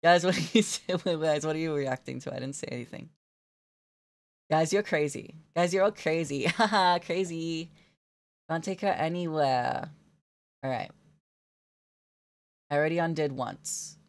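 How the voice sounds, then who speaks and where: A woman's voice: low-pitched, a little slow, vocal fry, long pauses. A young woman live-streaming as she draws, chatting playfully with her viewers and giggling often. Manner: playful, giggly, talks to chat. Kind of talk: casual live-stream chat while drawing.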